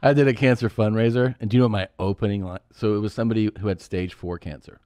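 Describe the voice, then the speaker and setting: A man's voice: on the low side, steady tone, fast talker, dark tone, smooth. A man on a podcast, casually telling a long story, acting out other people's lines and laughing often. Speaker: podcast co-host and comedian.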